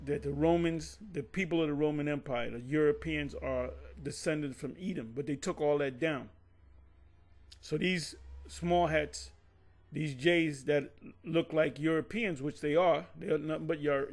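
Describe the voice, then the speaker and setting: A man teaching from the Bible in a casual, rambling way, often stopping to correct himself and drifting off on side stories. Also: on the high side. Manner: rambling, digressive, self-correcting.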